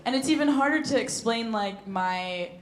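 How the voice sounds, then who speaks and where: A comedian doing a surreal stand-up set on a club stage, deadpan between sudden shrieks and giggles. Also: female voice, fairly high pitch, normal speed. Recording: roomy club with audience noise.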